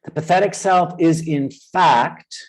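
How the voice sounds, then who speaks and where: A man leads a webinar with a voice that sits somewhat high. He explains ideas patiently, breaks into high, panicky cries to act out inner voices, and keeps asking whether it makes sense. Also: slow pace, low-quality recording. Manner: checks in often with the audience. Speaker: webinar presenter. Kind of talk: webinar teaching.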